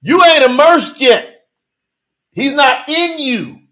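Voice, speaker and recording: A man preaching a sermon, reading scripture verses and commenting on them with emphatic rhetorical questions and bursts of shouting. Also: very high voice, lively intonation, slow. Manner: breaks into shouting.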